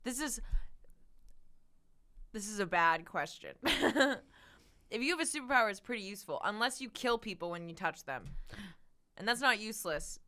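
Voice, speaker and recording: A young woman from Boston co-hosting a casual comedy podcast, loud and excitable, often breaking into laughter. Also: medium pitch, moderate pace, pauses often. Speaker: podcast co-host.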